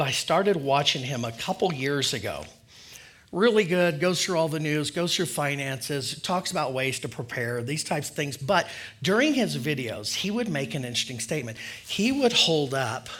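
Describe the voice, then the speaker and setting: A man's voice: a little high, lively intonation, normal speed, a bit bright. A man giving a casual, conversational sermon in church, friendly and loose with filler words. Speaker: lay preacher.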